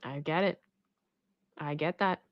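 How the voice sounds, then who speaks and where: A woman hosting casual story commentary, chatty and animated, often laughing as she reacts. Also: deep voice, measured pace, no echo, muffled recording. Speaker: commentary host.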